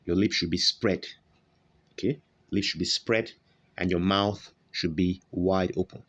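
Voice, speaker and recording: Man, very low voice, unhurried, English pronunciation teacher, repeats sounds, slightly muffled audio. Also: fairly even intonation, fairly bright tone. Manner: slow, repetitive, modelling sounds, frequent "okay?" check-ins. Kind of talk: online phonetics lesson.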